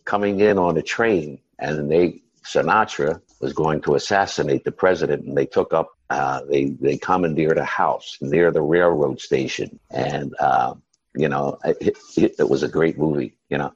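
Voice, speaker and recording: A man tells rambling stories in a casual interview. His voice is very low and gravelly, with a husky edge. The sound is dry and muffled. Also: normal speed, dry recording. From United States. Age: 70s. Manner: rambling anecdotes full of "you know" and "uh". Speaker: interview guest, singer.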